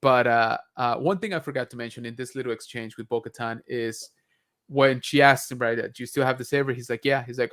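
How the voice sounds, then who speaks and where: Male podcast co-host, casual and rambling, mid-pitched voice. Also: fairly even intonation, brisk, fairly bright tone. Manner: rambling, many fillers and restarts. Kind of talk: casual chat.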